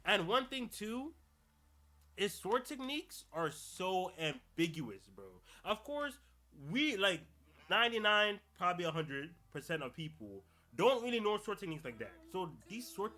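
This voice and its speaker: A man's voice: sits high, sing-song, moderate pace, bright, forceful tone. A young adult man hosting a podcast, talking in casual, slangy solo commentary and laughing through his rants. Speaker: podcast host.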